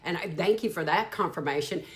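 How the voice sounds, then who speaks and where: Talking fairly quickly in a lowish voice, a Deep South woman in her fifties with a Southern US accent works as a psychic giving a channeled tarot reading. It's a rambling, blunt session, now and then profane.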